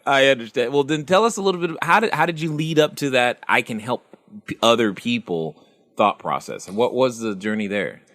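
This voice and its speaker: A man's voice: medium pitch, expressive, a little fast, fairly bright tone, long reverb tail. A male podcast host asking encouraging questions and summing up lessons. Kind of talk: interview hosting.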